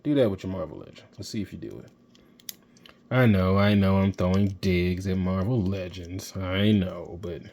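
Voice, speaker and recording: A man reviewing an action figure in excited, rambling casual talk, geeking out. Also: deep voice. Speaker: toy reviewer. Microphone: handheld camera mic.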